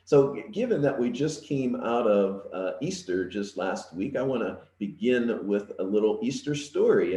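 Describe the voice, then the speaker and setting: A middle-aged man, an interim minister, giving a gentle, reflective online sermon from his home, with frequent pauses and fillers. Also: fairly low pitch, roomy sound. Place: home setup.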